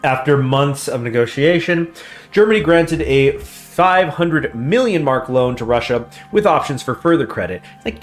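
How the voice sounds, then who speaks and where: A man's voice: medium pitch, animated, unhurried. A man hosting a strategy game let's play, reading game text aloud in a chatty way and stumbling over foreign names. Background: faint guitar music.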